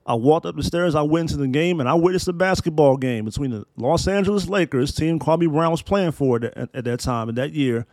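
A man's voice: a little high, brisk, few pauses, a little mellow, dry recording. A man in his thirties hosting a solo podcast, talking in emphatic, profane, preacher-like build-ups. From Maryland, US. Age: 30s. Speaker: podcast host.

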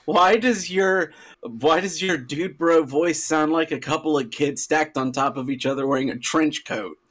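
A man's voice: on the high side, moderate pace, fairly bright tone. A man cohosting a podcast, teasing the others in a mock-exasperated way. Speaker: podcast co-host. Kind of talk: casual chat.

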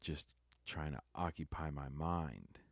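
Deep, slow, subdued young man. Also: expressive, vocal fry, no echo. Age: young adult. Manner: subdued, rambling, halting. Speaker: vlogger. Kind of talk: confessional monologue.

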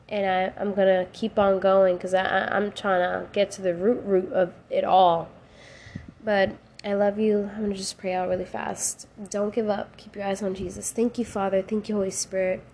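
This woman hosts a faith podcast in a mid-range, darkish voice carrying a slight hiss or hum. She speaks casually and emotionally, at times tearful, rising to cries and laughs, slipping into slang and prayer.

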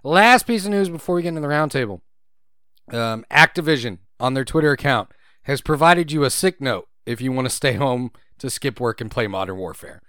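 A man's voice: medium pitch, lively intonation, brisk, a bit bright, smooth, no room sound, studio quality. A man co-hosting a video game podcast, reading news items between jokes and laughing often, repeating his own phrases. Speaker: podcast co-host.

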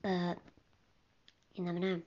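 A woman's voice: lowish voice, completely flat delivery, measured pace, a little mellow. A teenage girl hosting a casual solo podcast, rambling and often dropping into a whisper. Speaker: podcast host. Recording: dull lo-fi recording with faint hiss.

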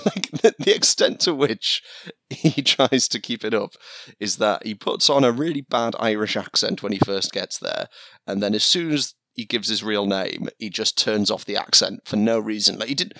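Man, low gravelly voice, bright edge, dry close sound, hesitant casual podcast chat. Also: expressive, normal speed, no echo. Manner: hesitant, many restarts and laughs. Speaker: podcast co-host.

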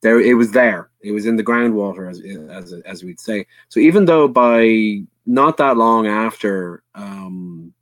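An Irish man talks history on a podcast in a low, dry voice. He speaks with earnest bluntness, stops and restarts a lot, and swears now and then. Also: animated, a little slow, few pauses, no echo. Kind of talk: casual history discussion.

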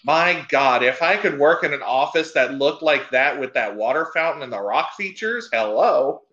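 A man's voice: medium pitch, animated, moderate pace, pushed and bright. A man co-hosting a casual movie chat, easygoing and jokey, laughing often. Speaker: podcast co-host. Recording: dull lo-fi sound.

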